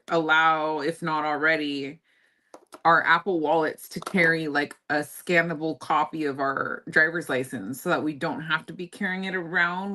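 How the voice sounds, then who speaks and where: A woman with a notably low voice chats with her viewers on a livestream. She sounds relaxed and easygoing, talking straight to the audience and calling them y'all. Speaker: livestream host. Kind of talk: casual livestream chat.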